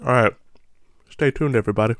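A man co-hosting a podcast in easygoing chat, upbeat and joking. His voice sits at a middle pitch, recorded dry and close to the mic. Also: fast talker, a bit bright, no room sound. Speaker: podcast co-host. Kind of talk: casual chat.

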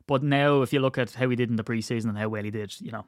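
Racing along in a steady-toned, mid-range voice, a podcast host rambles through his casual solo show, a playful storyteller who sometimes breaks into put-on voices. The recording is dry and studio quality.

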